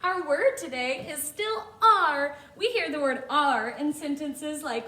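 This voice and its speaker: A high-voiced woman leads a phonics lesson for little children, sounding out each letter slowly and clearly. Her pitch swoops up and down as she stretches the letter sounds, and the room gives her voice a noticeable echo. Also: lively intonation, pushed and bright. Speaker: kindergarten teacher. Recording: roomy echo.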